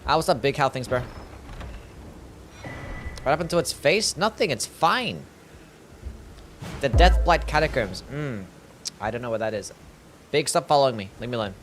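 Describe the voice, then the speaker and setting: A man's voice: medium pitch, normal speed, long pauses, slight background noise. A young man chatting casually as he streams a game, swearing freely and reading his chat aloud. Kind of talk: casual livestream commentary.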